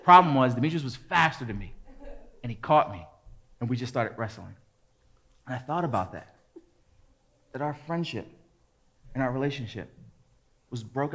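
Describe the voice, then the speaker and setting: A man in his forties, a pastor preaching, telling a lively personal story and acting out what people said. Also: mid-range voice, normal speed, long pauses. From American suburbs. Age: 40s. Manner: lively storyteller, acts out quotes and gets loud at the climax. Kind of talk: sermon with a storytelling anecdote.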